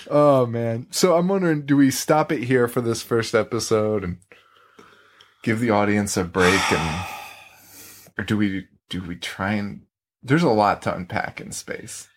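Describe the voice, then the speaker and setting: A man's voice: on the low side, slow, long pauses. A young adult man hosting a casual podcast, joking and laughing often, with a slight frog in his throat. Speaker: podcast host.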